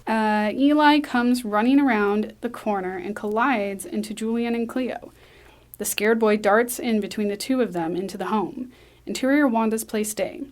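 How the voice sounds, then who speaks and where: A woman reading a screenplay aloud, brisk, with small slips and restarts. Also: on the high side. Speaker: script reader.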